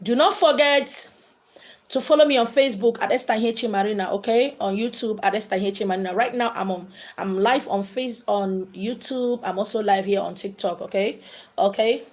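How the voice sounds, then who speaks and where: A woman's voice: medium pitch, brisk. A woman hosting a spiritual livestream and answering viewer questions, talking emphatically and repeating phrases to drive her points home. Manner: emphatic, preachy, repeats lines for stress. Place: indoors, live streaming.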